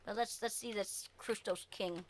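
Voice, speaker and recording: A woman's voice: medium pitch, fairly even intonation, normal speed, a little hiss or hum. A woman streaming live, chatting casually with her viewers. She is chatty and giggly and trails off with fillers.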